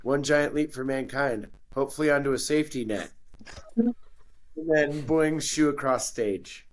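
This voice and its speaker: A male comic reading prop-comedy jokes aloud, stage directions included. He moves between slow and quick delivery. His voice sits in a middle register. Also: medium pitch. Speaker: comedian guest.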